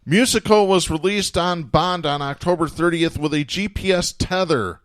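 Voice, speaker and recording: A higher-pitched man hosts a political talk show and reads news stories aloud with a dry, sardonic edge. He chuckles now and then as he reads. The sound is close and dry, with no room in it. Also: normal speed, no room sound. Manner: sardonic, chuckles while reading. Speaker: podcast host.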